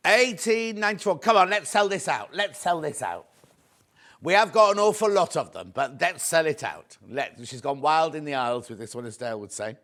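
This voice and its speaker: A man hosts live TV selling and keeps up a bright, chatty patter. His voice sits a little high for a man. He greets viewers by name and keeps urging them to buy before stock runs out. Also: lively intonation, moderate pace. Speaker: shopping channel presenter.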